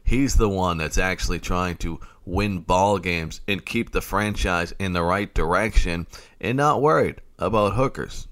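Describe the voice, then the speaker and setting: A man's voice: sits low, measured pace, fairly bright tone. A man hosting a late-night fantasy football radio show, ranting and getting fired up.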